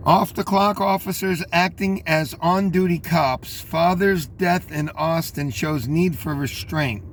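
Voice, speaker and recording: A man's voice: on the high side, slow, slight background noise. An older man reading out news headlines and commenting on them in a rambling, scornful way, talking straight to his listeners.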